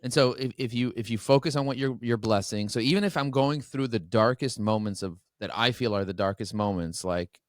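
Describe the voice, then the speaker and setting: A man's voice: mid-range voice, fairly quick, hardly any pauses, no echo, clean studio sound. A man guest on a podcast, speaking openly and emotionally, often restarting his sentences. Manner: emotional, open, many restarts. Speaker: podcast guest, business owner. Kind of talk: candid interview talk. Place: standing while talking.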